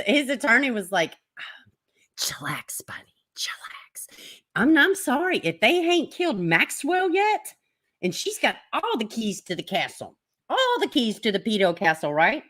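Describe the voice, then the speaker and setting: A woman's voice: mid-range voice, bright, forceful tone. A woman hosting a casual livestream, talking animatedly, swearing freely and laughing often. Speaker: livestream host.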